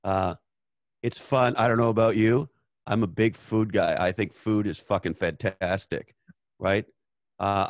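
A man's voice: deep voice, dry recording. A Canadian man hosting a casual conversation, talking bluntly and swearing freely as he tells stories. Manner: blunt, profane, storytelling. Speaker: host.

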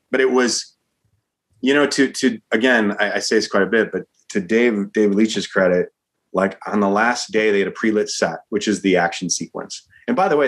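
A man, a screenwriter being interviewed, talking in an energetic, rambling way and calling the host dude and man. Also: lowish voice. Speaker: screenwriter guest. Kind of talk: casual interview chat.

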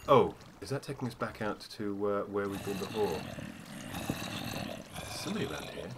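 A man chats through a game session in casual let's-play commentary, his pitch rising and falling a lot. He keeps up a string of "oh dear" asides. Steady background noise hangs over the home recording. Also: normal speed. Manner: chatty, given to "oh dear" asides. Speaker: gamer.

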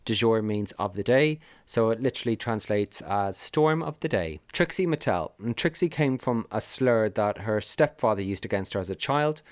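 A man's voice: lowish voice, animated, moderate pace, few pauses, dry recording. Man giving dry, wry scripted narration. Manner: listing names with brief wry asides. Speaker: video narrator. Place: lives in the UK.

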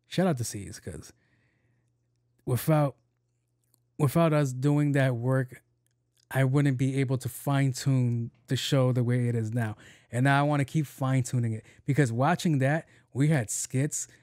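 A young man rants through his solo podcast in a loose, profane way, laughing at his own gripes. His voice is mellow and relaxed, sitting at a middle pitch. The sound is dry and close. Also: measured pace, no echo. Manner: profane, animated ranting with laughs. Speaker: podcast host. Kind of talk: casual solo podcast rant.

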